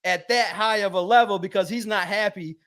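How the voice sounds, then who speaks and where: High-energy man telling a story. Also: a little fast. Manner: high-energy, acts out quotes loudly. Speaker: guest sports writer. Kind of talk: animated storytelling.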